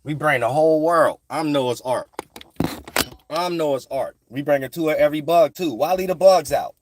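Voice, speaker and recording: Background noise sits under a fairly high-pitched man speaking at normal speed. A spiritual vlogger, he rambles through a profane, streetwise monologue, repeating phrases sing-song style and often asking "you know what I'm saying."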